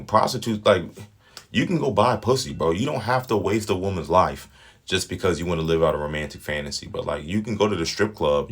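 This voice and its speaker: A man's voice: low-pitched, a little hiss or hum. A man giving casual opinion commentary on a show, blunt, emphatic and full of profanity.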